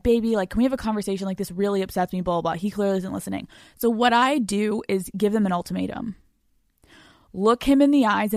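A young woman hosts her own podcast, talking brashly and swearing freely as she gives advice and reads out listener letters. Her voice sits at a middle pitch and comes across close and dry, with no room sound around it. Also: no echo. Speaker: podcast host. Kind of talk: solo podcast advice talk.

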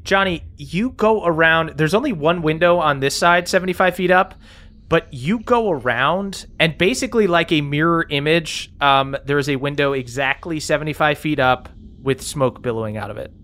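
A man's voice: fairly high pitch, moderate pace, fairly bright tone. A man narrating as game master in a loose, upbeat way with many fillers.

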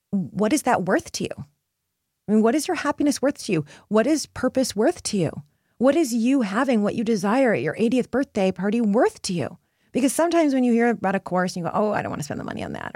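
A woman's voice: medium pitch, darkish tone, no room sound. Woman, podcast host, earnest, encouraging, talks straight to listeners, dry close mic. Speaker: podcast host and purpose coach. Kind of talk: motivational solo podcast.

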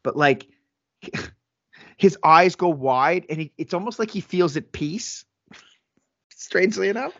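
A man co-hosting a podcast in casual chat, animated, laughing often and acting out quotes. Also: high voice, slow pace, pauses often, dry recording, highs cut off. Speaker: podcast co-host.

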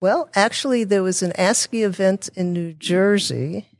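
A woman's voice: mid-range voice, normal speed, dry recording. Chatty woman consultant, dry close sound. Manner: chatty, restarts often, sarcastic asides. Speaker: guest, technology consultant. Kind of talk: casual interview chat.

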